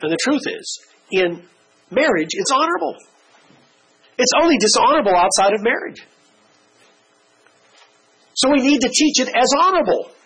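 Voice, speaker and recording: A middle-aged man preaching a sermon, telling stories with lively, animated delivery and a husky voice. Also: moderate pace, long pauses, rough recording. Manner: animated storytelling with big pitch swings. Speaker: pastor.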